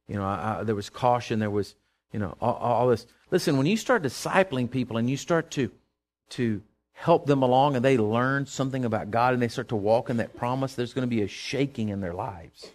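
A man preaching a sermon, animated and storytelling, breaking into sudden loud outbursts. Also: mid-range voice, a little fast.

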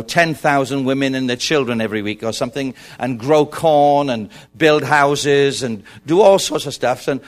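A middle-aged man preaching a sermon, telling stories with animated repetition. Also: on the high side. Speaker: pastor.

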